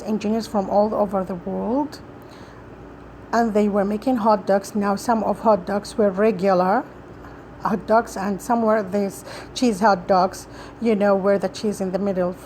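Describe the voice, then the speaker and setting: A woman practicing a prepared talk, her voice sitting at a middle pitch. She moves through the speech haltingly, restarting phrases and slipping on grammar along the way. There is a faint noise behind her. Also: steady tone, a little mellow, rough recording.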